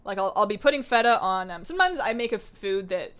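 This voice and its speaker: A woman's voice: medium pitch, lively intonation, quick pace, fairly bright tone, clear, resonant tone. A young woman livestreaming a game, chatting casually and answering viewers in a bubbly, rambling way. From Greek heritage. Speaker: streamer. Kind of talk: casual livestream chat, reading chat aloud.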